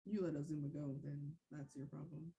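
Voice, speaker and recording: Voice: mid-range voice, steady tone, fairly quick, creaky, dark tone, lo-fi sound. A podcast host running through team needs in a playful way, with joking asides between lists. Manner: playful, list-reading with asides. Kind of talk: casual sports podcast.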